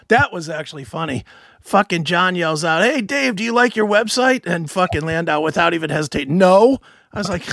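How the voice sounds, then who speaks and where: Animated high-voiced man telling stories. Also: creaky, no echo, clean studio sound. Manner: animated storyteller, mimics voices, swears a lot. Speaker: podcast co-host. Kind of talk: casual chat.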